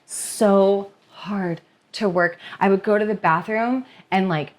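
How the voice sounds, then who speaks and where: A young woman chatting as a podcast guest, expressive and rambling, with a lot of "like" in her talk. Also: mid-range voice, slow. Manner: expressive, rambling, heavy use of "like". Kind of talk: casual confessional chat.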